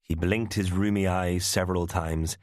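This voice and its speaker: A man narrating a thriller audiobook in a measured storytelling manner. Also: deep voice, steady tone, darkish tone, dry recording, clean studio sound.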